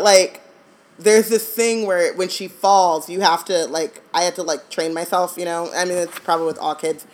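A woman co-hosting a book discussion podcast, chatting casually, laughing often and trailing off mid-thought. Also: fairly low pitch. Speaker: podcast co-host. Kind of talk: casual chat.

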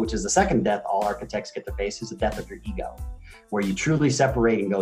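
A man in his forties, a guest telling stories in an emphatic, animated way. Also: lowish voice, fast talker, soft background music. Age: 40s. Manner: animated, emphatic storytelling with swings in energy. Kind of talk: motivational interview talk.

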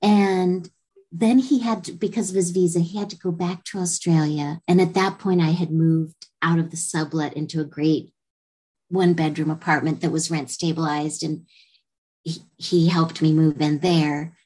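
A woman's voice: low voice, steady tone, moderate pace, mellow, slightly rough. A woman actress guest on a podcast, telling a personal story in a candid, rambling way and acting out what people said. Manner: candid, rambling, laughs often, acts out quotes. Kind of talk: casual storytelling chat.

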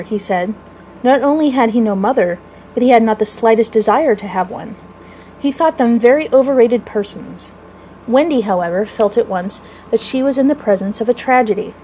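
A woman's voice: mid-range voice, a little fast, mellow, a little hiss or hum, rough recording. Woman reading a storybook aloud. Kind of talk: reading a children's classic aloud.

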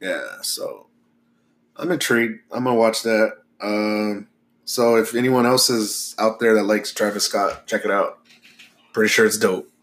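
A man's voice: fairly low pitch, steady tone, a little slow, a bit bright. A man co-hosting a podcast, chatting casually with lots of fillers and swearing. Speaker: podcast co-host. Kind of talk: casual chat.

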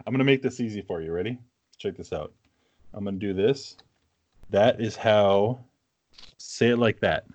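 A man with a New England accent chats casually on a podcast, blunt and teasing, and he swears freely. His voice sits fairly low. The recording is dry and close. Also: normal speed, pauses often, a little mellow, no room sound, muffled recording. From Massachusetts, New England. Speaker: podcast co-host. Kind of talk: casual chat.

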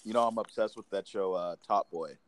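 A man hosting a podcast in a relaxed, casual way, with slang like "bro" and "man.". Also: low voice, fairly quick. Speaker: podcast host. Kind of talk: casual conversation.

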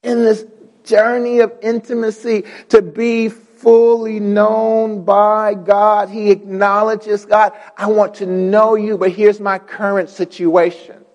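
A man preaching from the pulpit with a very high voice. He calls out to the congregation, circles back on his words, and builds to shouts. His voice rings with the long reverb of a church hall. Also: level tone, unhurried. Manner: call-and-response preaching, repeats words, rising to shouts. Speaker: pastor. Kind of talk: preaching a sermon.

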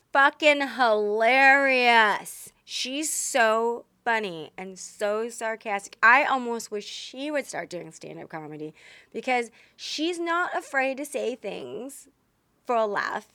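A woman's voice: on the high side, slow, no echo, studio quality. A woman with a Texan accent, chatting casually and animatedly as a podcast co-host. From Texas. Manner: chatty, animated, self-deprecating. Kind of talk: casual chat.

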